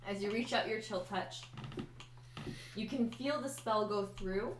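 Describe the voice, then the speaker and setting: A woman's voice: medium pitch, a little slow. A woman running a tabletop game as dungeon master, narrating in an easygoing way and laughing often. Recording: echoey room with background noise.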